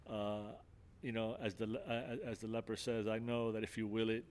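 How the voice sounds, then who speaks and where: A man's voice: on the low side, little pitch movement, moderate pace, a little mellow, clear, resonant tone. An older man, a podcast guest, earnestly recounting a personal experience in conversation, with many restarts and filler phrases. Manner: earnest storytelling, many restarts and "you know".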